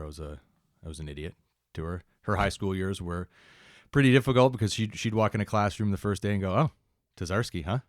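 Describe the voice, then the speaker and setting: A Canadian fire captain and paramedic in his forties tells animated stories in a casual interview, slipping into quoted voices. His voice sits low, with a clean tone and dry, clean studio sound.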